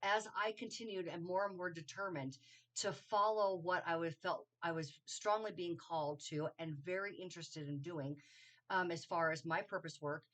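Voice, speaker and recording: A woman's voice: on the low side, normal speed, fairly bright tone. A woman giving a casual spiritual astrology talk, rambling and correcting herself with lots of ums and okays. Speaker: astrology teacher. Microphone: solo video to camera.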